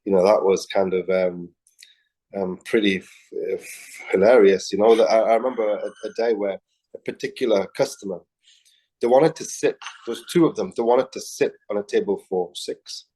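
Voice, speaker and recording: A man's voice: fairly low pitch, normal speed, dark tone, poor audio. A man co-hosting a casual chat, telling a story with hesitant stops and restarts. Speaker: co-host.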